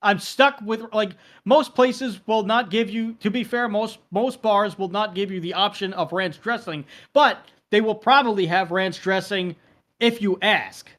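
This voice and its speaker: Brief: man, podcast co-host, high pitch, animated chatty storyteller. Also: measured pace. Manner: animated storytelling, acts out quoted exchanges. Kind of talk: casual chat.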